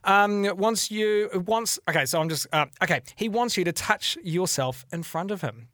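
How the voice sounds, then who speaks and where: A young man, joking and laughing through a casual podcast chat. His pitch jumps around a lot as he talks. The sound is dry and close, with no room echo. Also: moderate pace. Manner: animated, laughing, crude jokes. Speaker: podcast co-host.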